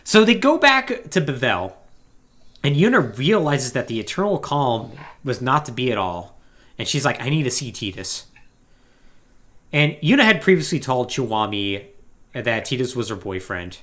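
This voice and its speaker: A man hosting a casual video game podcast, retelling a story with animated, acted-out quotes. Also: mid-range voice, moderate pace. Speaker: podcast host.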